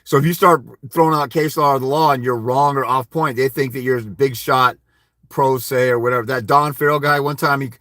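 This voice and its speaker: A man's voice: mid-range voice, fairly even intonation, a little fast, pushed and bright, no echo, studio quality. A blunt, profane man giving casual legal advice to fathers on a livestream, telling stories with quoted dialogue. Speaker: host of a fathers' rights livestream.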